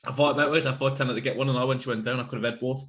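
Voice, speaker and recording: A man's voice: medium pitch, very fast. Man, sweary host. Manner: swearing, animated anecdotes. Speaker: podcast co-host. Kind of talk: casual chat.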